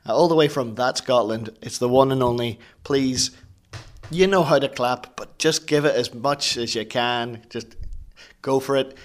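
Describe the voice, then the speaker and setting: A man's voice: medium pitch, normal speed. A man hosting a comedy club, introducing the next act with lots of hesitant fillers.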